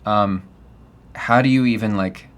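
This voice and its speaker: A man's voice: on the low side, a little slow. A middle-aged man hosting a casual interview, affirming his guest and reflecting on faith and family. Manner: affirming, frequent "yeah", reflective. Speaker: podcast host.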